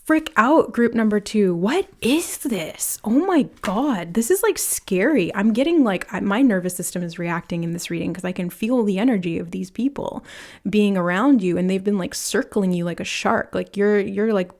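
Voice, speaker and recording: A woman reads tarot cards for her viewers, her voice sitting in a plain middle register. She talks fast in loose, animated bursts, packed with fillers, and slips into quick imitations of the people she describes. She speaks to the listener directly and earnestly. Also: medium pitch. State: nervous, laughing from nerves. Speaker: tarot reader. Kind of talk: pick-a-card tarot reading.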